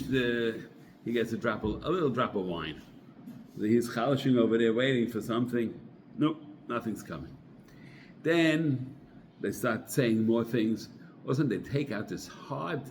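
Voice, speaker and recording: Informal Torah teacher, male, mid-pitched, chatty storyteller, faint background hiss. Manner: conversational storyteller, sprinkles religious terms. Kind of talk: informal Torah talk with parable.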